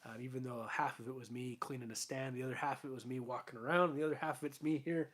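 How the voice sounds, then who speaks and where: A young man casually chatting on a late-night live stream from his fish room at home, rambling with lots of fillers and restarts, his voice starting to go hoarse. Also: mid-range voice, fairly even intonation, fast talker, fairly bright tone. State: losing his voice. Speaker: aquarium channel host.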